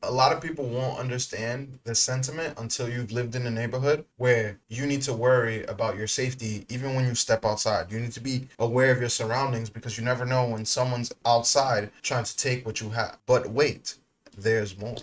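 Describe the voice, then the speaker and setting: A man's voice: medium pitch, steady tone, fairly quick, few pauses. A man hosting a reaction video, talking casually and giving his opinions straight to his viewers. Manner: conversational, opinionated, addresses viewers directly. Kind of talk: casual commentary.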